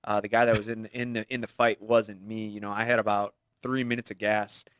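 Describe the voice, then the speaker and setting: A man's voice: lowish voice, level tone, fairly quick, a bit bright, clear, resonant tone, no room sound. A man in his thirties, a fighter guest, talking loosely in a casual studio interview and laughing easily.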